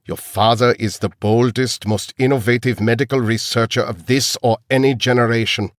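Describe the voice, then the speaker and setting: A man's voice: medium pitch, steady tone, normal speed, no room sound, clean studio sound, pitched above the performer's own voice, lightly acted. A man voicing a smug older male accomplice scientist.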